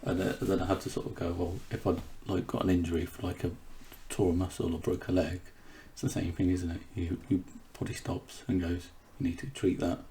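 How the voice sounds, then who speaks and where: Low gravelly man speaking haltingly. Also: monotone, dark tone, slight background noise. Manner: hesitant, halting, with many restarts. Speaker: interview guest. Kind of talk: candid conversation.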